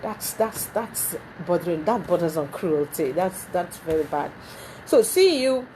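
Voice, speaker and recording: A woman hosting a talk show, speaking in an emphatic, animated way and often repeating herself, recorded in a TV studio. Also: fairly low pitch, unhurried, noisy background.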